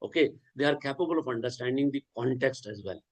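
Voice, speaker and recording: A man's voice: mid-range voice, fast talker, poor audio. A man giving a lecture, stressing key words and often adding "okay" and restarting phrases. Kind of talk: lecture on generative AI.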